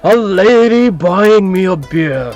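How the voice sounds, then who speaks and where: A man voicing a gruff, bearded male tavern patron in a tabletop game, drawling slowly and scoffing. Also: high-pitched, expressive, a little mellow, soft background music, voice pushed up, full character voice. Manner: drawling, slow, exclamatory.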